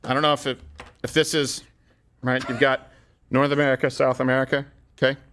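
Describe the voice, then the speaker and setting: A man hosting a talk show, giving opinionated comedic commentary in a sarcastic, animated way that slips into acted-out dialogue. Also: mid-range voice, a little fast, slight background noise.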